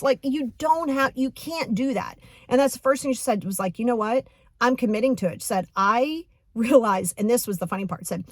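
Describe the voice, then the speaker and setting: A woman's voice: on the high side, normal speed, no room sound. A woman hosting a podcast as a coach, talking casually and animatedly, laughing often as she retells what a client told her.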